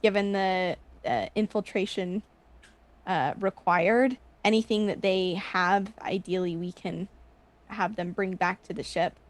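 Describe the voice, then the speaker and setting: A woman's voice: mid-range voice, steady tone, a little slow. A woman playing a tabletop game, explaining the team's plan step by step. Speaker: player.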